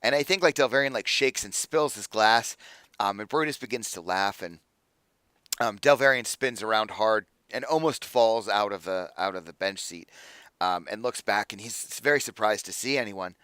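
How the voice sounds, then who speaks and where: A man's voice: on the low side, normal speed, bright, forceful tone, smooth, no echo. Man, game master, casual narration, hesitant fillers, dry close mic.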